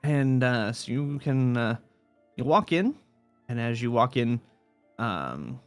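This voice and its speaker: A man's voice: mid-range voice, very animated, slow pace, smooth, dry recording, soft background music. A man narrating a tabletop game as dungeon master, rambling with many fillers and restarts.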